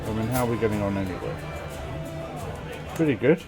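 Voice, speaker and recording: A man's voice: fairly low pitch, lively intonation, fairly quick, creaky, over music. A man casually commentating a strategy game, sleepy and yawning, reading event text aloud with wry muttered asides. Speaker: gameplay commentator.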